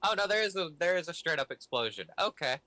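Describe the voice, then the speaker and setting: A man taking part as a player in a tabletop role-play game, chatting casually and excitedly. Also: a little high, quick pace, no room sound.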